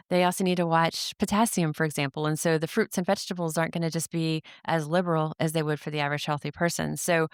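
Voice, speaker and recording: A woman hosting a solo podcast, talking through a subject in a measured, step-by-step way with frequent fillers. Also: deep voice, clean tone, no echo, clean studio sound. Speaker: podcast host. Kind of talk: solo explanatory podcast talk.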